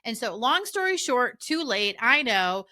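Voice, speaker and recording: Brief: middle-aged woman coach, podcast host, chatty and warm, bright clear tone. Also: fairly high pitch, big pitch swings, measured pace. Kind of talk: casual solo podcast talk.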